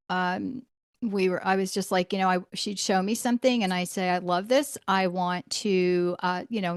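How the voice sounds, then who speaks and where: A woman's voice: medium pitch, no echo, studio quality. A middle-aged woman hosting a podcast interview, telling stories with a lot of laughter and acting out the voices of the people she quotes. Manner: animated storyteller, acts out quoted voices, laughs often. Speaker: podcast host. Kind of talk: casual interview chat.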